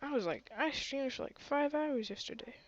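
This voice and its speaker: A woman's voice: high-pitched, normal speed, lo-fi sound. A woman streaming a game with a sore throat, chatty and often gasping and exclaiming. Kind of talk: casual gaming commentary.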